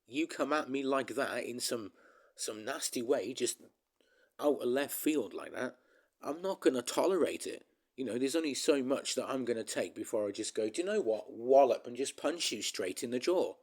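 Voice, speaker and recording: A man's voice: mid-range voice, lively intonation, moderate pace, slightly rough. A man ranting casually to his viewers in a vlog, rambling and emphatic, often calling them guys. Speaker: vlogger.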